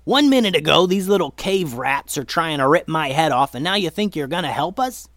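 A man voicing a gruff, impatient warrior who growls and blusters loudly. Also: mid-range voice, moderate pace, no room sound, clean studio sound. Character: gruff, battle-worn male warrior, impatient.

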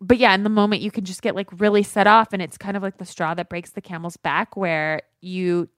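Frank, animated podcast co-host woman. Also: mid-range voice, a little fast, dry recording, clean studio sound. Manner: frank, animated storytelling with swearing. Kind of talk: casual advice chat.

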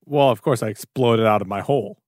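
A man's voice: medium pitch, fairly quick, very noisy. A man playing a tabletop role-playing game, joking and describing his character's moves. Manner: jokey, animated. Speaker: player. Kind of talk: casual tabletop play.

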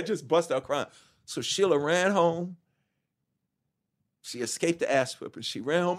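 A man, telling his story to an interviewer in an animated, profane way and acting out the quotes. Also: fairly high pitch, moderate pace, long pauses. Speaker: guest.

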